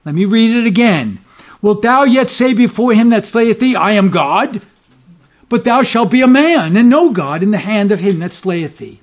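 A high-pitched man delivers an expository sermon, reading scripture in old formal wording and pressing hard on each key point. The recording is muffled and lo-fi, with the top end dulled. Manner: expository teaching, quoting scripture in formal King James phrasing; emphatic, stressing key words. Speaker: preacher.

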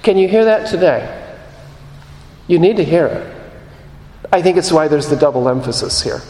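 A man preaching a sermon as pastor, earnest, repeating phrases for emphasis and slowing down on key lines. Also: a little high, lively intonation, dark tone. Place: church sanctuary. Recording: echoey hall.

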